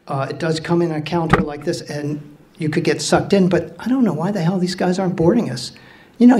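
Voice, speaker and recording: A man's voice: fairly high pitch, darkish tone. Salty older man telling a sea story. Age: 60s. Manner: salty, blunt, laughs through his own telling, swears. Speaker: storyteller recounting his time as a ship's officer. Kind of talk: live storytelling to an audience. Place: stage at a live storytelling event.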